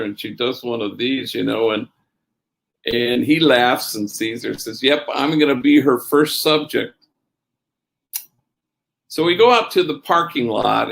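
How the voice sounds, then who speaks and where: Man, middle-aged, gravelly voice, storytelling talk, Spanish slang in the mix. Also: mid-range voice. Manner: tells stories with Spanish slang phrases mixed in; quotes others in a raised, lively voice. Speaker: priest and speaker.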